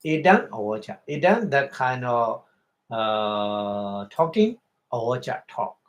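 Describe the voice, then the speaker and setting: A man with a Burmese accent, a Buddhist monk giving a Dharma talk, explaining Pali words slowly with many pauses and repetitions. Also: mid-range voice, very animated. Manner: slow, halting, repeats and glosses words.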